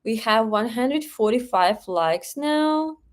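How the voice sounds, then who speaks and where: Russian woman, young, live-stream host, slow unhurried speech, fairly high voice, chatty, laughs often, many fillers. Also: expressive. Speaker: livestream host. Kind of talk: casual live-stream chat reading comments. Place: home in Moscow.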